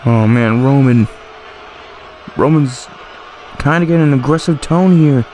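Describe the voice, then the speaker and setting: A man giving excited play-by-play commentary over a wrestling video game, calling the action as it happens. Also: mid-range voice, unhurried, slight background noise. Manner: excited, exclamatory ringside calling.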